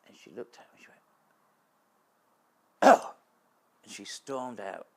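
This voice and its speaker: A man telling a personal story in an interview, measured and wry, sometimes halting. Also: on the low side, vocal fry, breathy edge.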